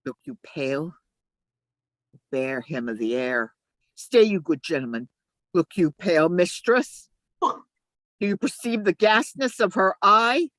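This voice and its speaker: Here a woman takes on the role of a plotting male ensign for an amateur reading of a play, alternating urgent yelling with quiet asides. She reads slowly and expressively, pausing often, in a dry recording.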